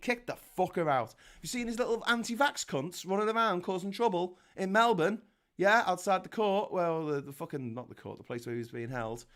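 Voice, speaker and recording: A man from Liverpool hosting a sweary, sarcastic comedic rant, with mock voices and shouted peaks. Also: high voice, brisk. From Liverpool, England. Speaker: host.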